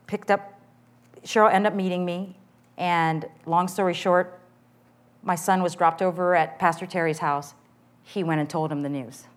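Woman with a lowish voice telling her story. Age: middle-aged. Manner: earnest, candid storytelling. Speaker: church member giving testimony. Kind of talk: personal testimony.

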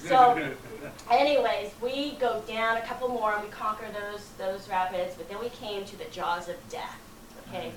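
A woman telling a personal story to an audience in a dramatic, lively way, acting out the people in it. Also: medium pitch, moderate pace. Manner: dramatic, lively retelling with acted quotes. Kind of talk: animated storytelling talk. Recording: roomy, from far off, faint noise.

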